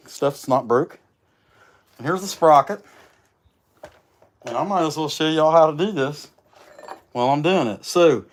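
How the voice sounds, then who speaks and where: A man chatting casually during a livestream as he works, his voice slightly rough from a recent illness, rambling and folksy. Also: mid-range voice, a little hiss or hum. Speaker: chainsaw carver hosting a livestream. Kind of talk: casual livestream chat while working.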